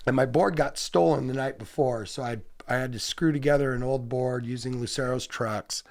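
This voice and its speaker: A man's voice: medium pitch, normal speed. A middle-aged man from California, a guest skateboarder, telling rambling, profane stories in a casual interview. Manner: profane, rambling, animated storyteller.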